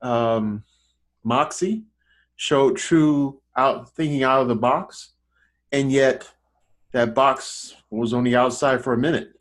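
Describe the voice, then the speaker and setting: A man's voice: medium pitch, steady tone, slow. A man who works as an online film critic, chatting casually about films with many false starts and repeated words. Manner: rambling with many restarts. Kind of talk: casual podcast film discussion.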